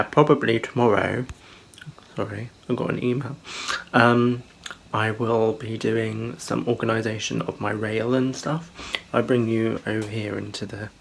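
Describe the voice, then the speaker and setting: A man's voice: lowish voice, creaky, a bit bright. A man from England chatting through a rambling home vlog, filmed up close on a phone in a small home. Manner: chatty, rambling, with fillers and apologies. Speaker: vlogger. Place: small home, kitchen and bedroom. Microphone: handheld phone camera, filming up close.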